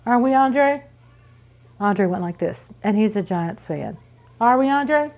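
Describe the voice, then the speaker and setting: A woman's voice: on the high side, expressive, measured pace, a little mellow, muffled recording. Chatty Texan woman hosting a livestream. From Texas. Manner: chatty, folksy, talks to viewers directly. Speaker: livestream host. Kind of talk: casual live chat.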